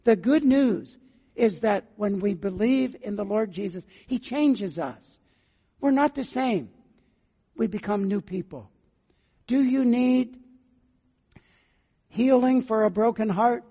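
Gravelly older male pastor preaching. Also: sits high, warm tone. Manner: earnest, pleading questions to the listener. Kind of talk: sermon. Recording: muffled sound with long hall reverb.

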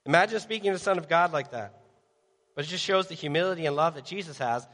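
High-voiced preacher in a reverberant hall. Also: male voice, quick pace. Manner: animated, acts out voices of worried people and Jesus; asks the audience direct questions. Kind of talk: sermon. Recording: long reverb of a large hall.

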